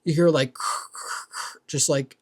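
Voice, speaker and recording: A man's voice: a little high, steady tone, slow, husky. A young man ranting casually about his neighbors, rambling and swearing, with "like" and "dude" in every sentence. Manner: rambling, profane, heavy use of "like" and "dude". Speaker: vlogger. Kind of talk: casual rant.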